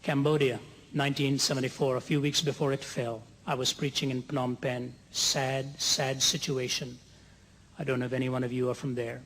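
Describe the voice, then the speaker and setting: A man preaching a sermon to a large gathering, telling stories earnestly and slowing down to stress key lines. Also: mid-range voice, little pitch movement, a bit bright, slight background noise. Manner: earnest storytelling, slows for emphasis, builds to soaring climax. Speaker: evangelist preacher. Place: large conference hall. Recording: long hall reverb.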